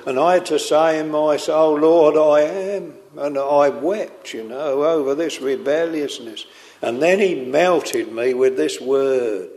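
An older man preaching a sermon, telling stories in a slow, earnest way and drawing out quoted lines. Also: fairly high pitch, darkish tone. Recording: long hall reverb.

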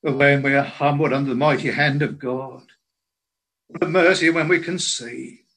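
A man preaching a sermon in a slow, earnest way, quoting scripture in old biblical language. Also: medium pitch, fairly even intonation, fairly bright tone, slight background noise, low-quality recording.

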